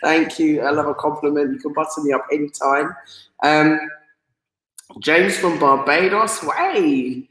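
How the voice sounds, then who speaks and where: A woman hosting a live stream, reading out viewer comments and greetings in a chatty, excitable way, often laughing and stumbling over names. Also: low-pitched, moderate pace. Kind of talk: casual live stream chat. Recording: roomy echo.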